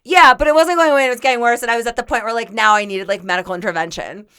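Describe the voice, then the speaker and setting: A woman's voice: on the high side, rapid-fire, sharp tone, clean tone. A young woman co-hosting a podcast, telling a long comedic story in a rambling way full of fillers and laughter. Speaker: podcast co-host.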